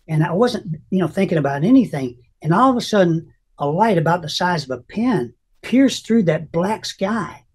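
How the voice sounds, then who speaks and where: An older man telling an emotional personal testimony as an interview guest, earnest and halting, often restarting his sentences. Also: fairly high pitch, darkish tone.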